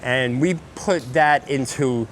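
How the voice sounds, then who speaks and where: A man in his fifties with a Brooklyn accent, a DJ telling rambling, animated stories in casual talk outdoors on a city street. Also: medium pitch, slow pace, a little hiss or hum. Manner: rambling, animated storytelling with many fillers. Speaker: DJ guest. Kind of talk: casual interview on a walk.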